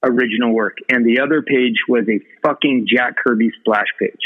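A man's voice: medium pitch, fairly even intonation, a little fast. A man telling a story as a podcast guest, rambling with lots of fillers and swearing freely. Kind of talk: casual storytelling. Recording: tinny phone-line audio.

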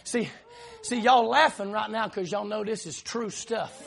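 A middle-aged man with a Southern accent preaching a sermon in church, telling a long story with frequent "uh" fillers and loud shouted peaks. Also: high voice, a little slow, creaky. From South Carolina.

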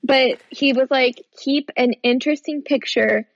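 A woman's voice: high voice, steady tone, measured pace, muffled recording. A woman co-hosting a podcast in casual chat, rambling with many "like" fillers and frequent laughs. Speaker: podcast co-host.

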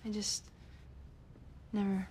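An actress gives voice to a timid young woman from a TV drama, halting and soft, her words fading toward a whisper. Her pitch sits mid-range, and a faint hiss runs under the clip. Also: monotone, lightly acted. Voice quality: hesitant, soft, trailing into a whisper.

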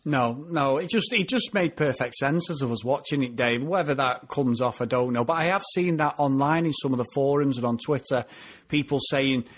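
A man chats his way through a TV review with a husky, slightly rough voice. He talks animatedly and laughs often, sitting at an average pitch for a man. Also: moderate pace. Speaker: podcast co-host, TV reviewer. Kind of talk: casual review chat.

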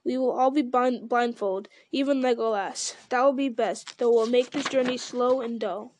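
A woman reading aloud the lines of a calm, commanding male ranger who leads the company. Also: a little high, normal speed, slight background noise, close to an everyday voice. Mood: firm.

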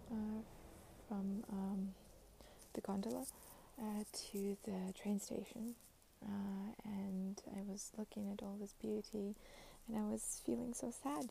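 Slow, heavily gravelly young woman. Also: medium pitch, warm tone, a little hiss or hum, low-quality recording. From Ukraine. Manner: halting and reflective, many fillers. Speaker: vlogger. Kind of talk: casual personal vlog. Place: outdoors at a snowy train station.

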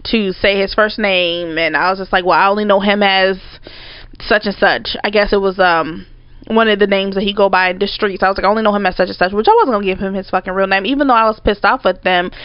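A woman retelling a story in a casual chat, blunt and profane, with an animated delivery. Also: mid-range voice, a little fast, clear, resonant tone, dry recording. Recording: dry, slightly dull recording.

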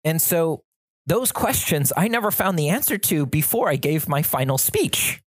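Host with a chaotic, fast-shifting storytelling style and self-mocking humor, recorded in a dry room. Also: mid-range voice, dry recording. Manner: frantic, chaotic, animated telling. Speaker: podcast host. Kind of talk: storytelling monologue.

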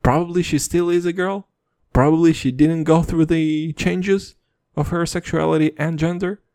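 A man's voice: on the high side, normal speed, dry recording, studio quality. A man rambling through profane stories in a casual late-night monologue, laughing now and then. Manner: animated, laughing between lines. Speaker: vlogger.

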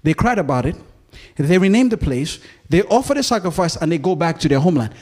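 A man's voice: a little high, big pitch swings, fast talker, a little mellow. A male preacher giving a sermon, pleading with the congregation and often checking in with them. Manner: impassioned, pleading, often asks "you feel me?".

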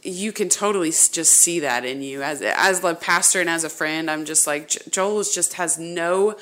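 A woman's voice: fairly low pitch, moderate pace, hardly any pauses, a bit bright. A woman hosting a podcast, encouraging and affirming in casual chat. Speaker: podcast host.

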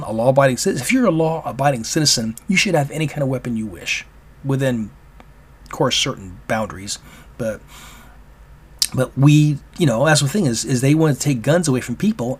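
A man hosting a solo opinion podcast, talking in a rambling, halting way with many restarts. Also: mid-range voice, breathy edge. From Oregon, US. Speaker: podcast host.

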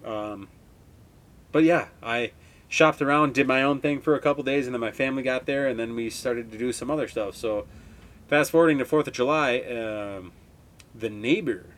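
A young man in his twenties from Wisconsin hosts a podcast, recounting things in a loose, meandering monologue. His talk is laid-back and full of swearing. The pitch of his voice sits in the middle for a man. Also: normal speed, fairly bright tone. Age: 20s. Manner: rambling, heavily profane, laid-back. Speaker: podcast host. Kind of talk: casual storytelling monologue.

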